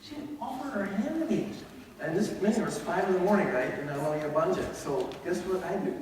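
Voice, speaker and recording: In a large auditorium, a US university teacher entertains listeners with funny stories, talking casually with many fillers and restarts. His voice sits high, slightly dark, expressive and a bit fast; the distant mic catches echo and faint noise.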